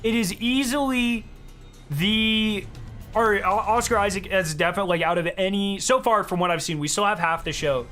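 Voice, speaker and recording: Bright-voiced, excitable young man streaming. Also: high-pitched, moderate pace, faint music behind. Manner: excitable, rambling, many fillers. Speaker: game streamer. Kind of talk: casual chat while playing.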